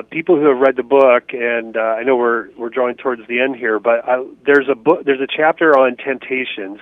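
A man's voice: mid-range voice, no room sound. A man from Indiana, a ministry author and interview guest, talking earnestly and reflectively with many fillers and restarts. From United States, Indiana. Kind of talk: conversational interview answers. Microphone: phone line. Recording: tinny phone line, dry.

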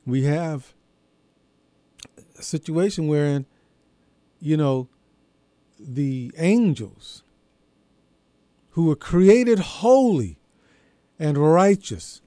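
Guy giving a radio sermon, real slow and deliberate, warm dark tone, dry sound. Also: a little high, dry recording. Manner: measured, emphatic preaching with deliberate pauses. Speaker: radio show host and preacher.

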